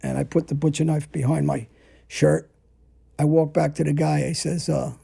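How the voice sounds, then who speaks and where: Middle-aged man, gravelly and husky, dark-toned; blunt, profane storyteller recounting his past in a casual, present-tense rush. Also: a little high, level tone, normal speed. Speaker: storyteller guest.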